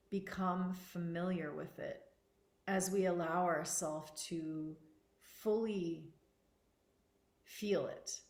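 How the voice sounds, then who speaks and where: A woman speaking as a spiritual teacher, slow, soft and earnest, repeating words for emphasis. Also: fairly low pitch, reverberant.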